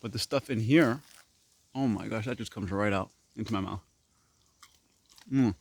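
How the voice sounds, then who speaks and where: A man from Korea vlogging as he clears his fruit garden outdoors, musing in rambling asides and talking while chewing. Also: fairly low pitch, moderate pace. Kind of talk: casual walk-and-talk vlog. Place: outdoors in an overgrown tropical garden.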